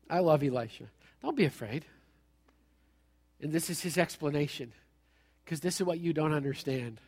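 A pastor preaches a sermon in a church hall, telling a humorous story and acting out its characters. His voice is fairly high, his pace moderate, and he pauses often. The delivery is animated and jokey.

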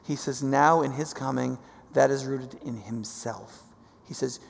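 A man preaching a sermon, teaching in a casual, animated way with many fillers. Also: medium pitch, unhurried, creaky, in a large hall, a little hiss or hum.

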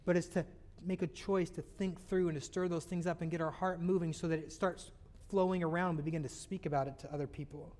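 A man's voice: on the high side, fairly even intonation, fairly quick, a little mellow. A man preaching a sermon, speaking earnestly and slipping into acted-out voices of everyday complaints. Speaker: pastor.

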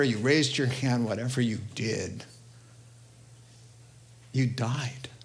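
A male pastor with a New York accent preaching a sermon, animated, acting out quoted voices and swinging between loud and hushed delivery. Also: medium pitch.

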